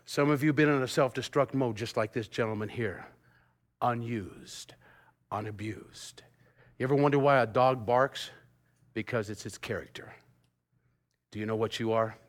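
Pastor in his fifties, male, preaching with playful swings from loud laughter to near-whisper. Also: medium pitch, brisk. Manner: animated preacher, bursts into sung snippets and laughter, drops to hushed tones. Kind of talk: sermon.

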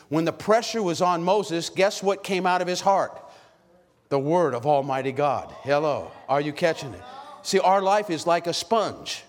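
A man preaching a sermon with lots of energy, calling out questions to the congregation and shouting at high points. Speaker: pastor. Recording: long hall reverb.

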